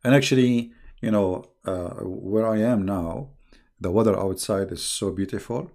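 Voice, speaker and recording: An unhurried, lowish voice with vocal fry and a dark tone belongs to a middle-aged man hosting a relaxed online religious debate stream. He mocks sarcastically and laughs under his breath often.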